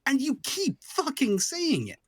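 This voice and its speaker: A man's voice: very high-pitched, wildly swooping pitch, unhurried, no echo. A man co-hosting a podcast in a casual movie chat, sarcastic and swearing freely. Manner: sarcastic, profane. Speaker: podcast co-host.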